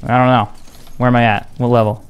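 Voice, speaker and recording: A man's voice: medium pitch, flat delivery, fairly quick, clean tone. A young man streaming a game, talking casually to his viewers in a blunt, defensive, profane way. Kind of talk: casual live-stream chat.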